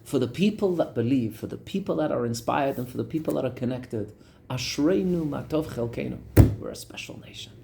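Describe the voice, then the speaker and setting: A man teaching a class as a rabbi, telling a story in an animated way and talking directly to his audience. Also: medium pitch, fairly quick, vocal fry, a little hiss or hum. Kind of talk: storytelling lesson.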